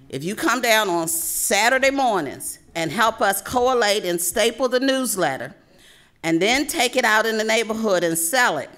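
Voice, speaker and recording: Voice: medium pitch, fairly bright tone. An adult speaking as a panelist in a discussion, telling stories about a neighborhood newsletter from their youth. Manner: storytelling, recounting neighborhood memories. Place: public library meeting room.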